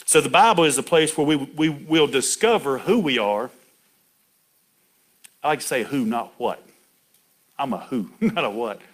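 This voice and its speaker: A man's voice: mid-range voice, animated, unhurried, pauses often. A middle-aged man preaching a folksy sermon, chatty and laughing, calling out to people in the pews by name.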